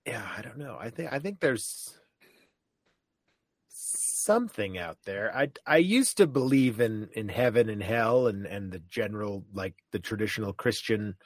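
A man's voice: fairly low pitch, lively intonation, measured pace, dry recording. A man co-hosting a podcast, telling personal stories in a candid, hesitant way with many restarts. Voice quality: hesitant, many restarts and self-deprecating asides. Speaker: podcast co-host. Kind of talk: candid casual chat.

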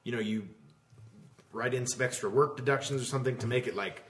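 A man's voice: medium pitch, brisk, reverberant, slight background noise. A man in casual podcast chat, talking loosely with lots of fillers and trailing thoughts. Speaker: podcast co-host.

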